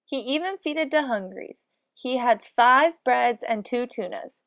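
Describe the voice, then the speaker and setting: A woman's voice: a little high, expressive, a little slow, fairly bright tone, dry recording, clean studio sound. Woman reading comic lolcat story, mock-solemn. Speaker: narrator.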